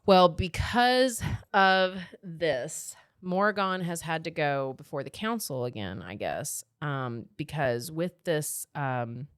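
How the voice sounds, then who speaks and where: A woman podcast host chats casually and wryly, recapping a romance novel with loose asides. Her voice is low and smooth, and it sits close and dry on the mic with no room sound. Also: lively intonation, slow, few pauses, no room sound. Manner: wry, loose summarizing with asides. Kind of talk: casual comedic book-club chat.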